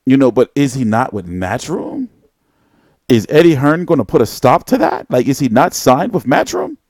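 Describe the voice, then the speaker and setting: A man's voice: mid-range voice, huge pitch swings, normal speed, a little mellow, husky, no room sound, clean studio sound. Profane, rambling male boxing host. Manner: profane, rambling, blunt street talk. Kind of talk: casual live boxing commentary.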